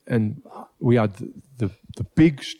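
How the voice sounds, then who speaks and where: A man's voice: medium pitch, a little slow, dark tone. A man telling stories on a podcast, laughing and swearing as he goes. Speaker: podcast co-host. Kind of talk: casual chat.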